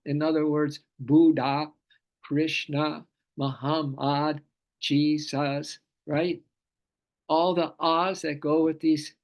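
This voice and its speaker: A man's voice: a little high, gravelly. A man teaching a scripture class, fervent in manner, often repeating phrases and stretching out chanted vowels. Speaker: spiritual teacher.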